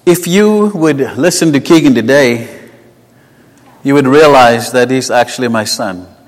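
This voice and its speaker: A man with a South African accent preaching a sermon. He talks conversationally and tells personal stories, moving between emphatic lines and hushed asides. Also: mid-range voice, unhurried. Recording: long hall reverb.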